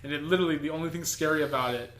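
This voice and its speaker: A man's voice: on the high side, very fast, a bit bright, reverberant. A man co-hosting a podcast in casual chat, rambling with restarts and fillers. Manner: rambling, many restarts and fillers, laughs easily. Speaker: podcast co-host.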